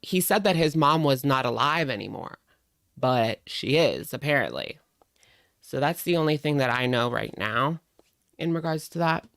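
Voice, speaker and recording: A woman's voice: extremely low pitch, very animated, moderate pace, no echo, studio quality. A young woman hosting a live stream, chatting casually in a rambling way and greeting viewers by name.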